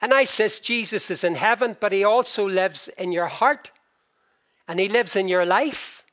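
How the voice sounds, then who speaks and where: Preaching with passion, an older man uses his high voice to shift between loud and quiet passages, slowing down whenever he wants to stress a point.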